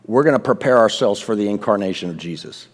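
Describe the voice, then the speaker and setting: A man's voice: on the low side, animated, fast talker. Man preaching a sermon in a reverberant hall. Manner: emphatic, questioning the congregation. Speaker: pastor.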